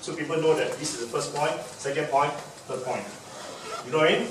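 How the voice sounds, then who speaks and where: A man teaches a public speaking workshop in an emphatic, demonstrative way, his voice sitting somewhat high for a man. He is recorded from a distance in a very echoey room, and clear background noise hangs under his speech. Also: fairly quick. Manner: emphatic, demonstrative, repeats key words.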